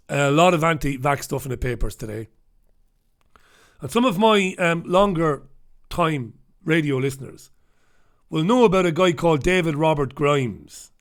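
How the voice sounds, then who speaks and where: A man's voice: fairly high pitch, fairly bright tone. A man hosting a sarcastic, swearing review of the day's newspapers, ranting about the stories. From United Kingdom. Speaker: host. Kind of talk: scathing newspaper review monologue.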